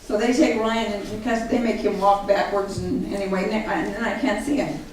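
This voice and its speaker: A woman giving an earnest, animated personal account to a live audience, acting out what others said, heard from a distance in a large echoey hall. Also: mid-range voice, a little fast. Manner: earnest, animated storytelling that acts out others' words. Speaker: speaker at a public gathering. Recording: echoey hall from far off, faint hiss.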